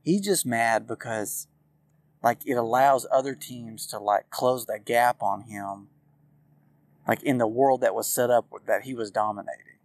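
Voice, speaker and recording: A man's voice: mid-range voice, steady tone, moderate pace, darkish tone, dry recording. A man ranting through a casual solo podcast, profane, rambling and exasperated. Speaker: podcast host.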